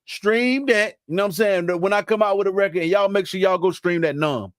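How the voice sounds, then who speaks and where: Young guy on a live stream, high voice, dry close sound, laughing and clowning on somebody. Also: fairly quick, no echo. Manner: laughing, teasing, slangy. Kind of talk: casual live-stream chat.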